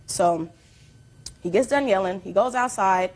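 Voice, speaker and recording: A woman plaintiff recounts events at length before a judge. She tells her story in a rambling, animated way, piling detail on detail. Her delivery is plain courtroom testimony. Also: mid-range voice, a little slow.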